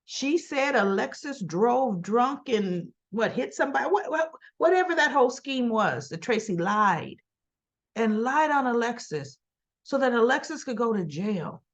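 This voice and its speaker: In a slightly high voice with lively intonation and a slightly slow pace, a woman sassily recaps a soap opera. Her casual rundown is full of rhetorical questions and tag questions, and she addresses the characters directly.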